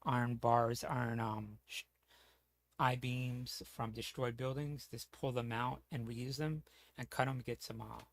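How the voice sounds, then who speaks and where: A man's voice: medium pitch, fairly even intonation, unhurried, no room sound. A man talking casually as a streamer, rambling with lots of fillers, restarts and casual swearing.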